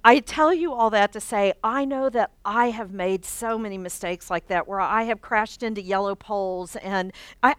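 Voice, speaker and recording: A woman delivers a sermon through a personal anecdote, animated and quick to laugh. Her voice sits a little high and comes across smooth and clear. The sound is close and dry. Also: no echo. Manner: animated storytelling, laughs often. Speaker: church staff speaker.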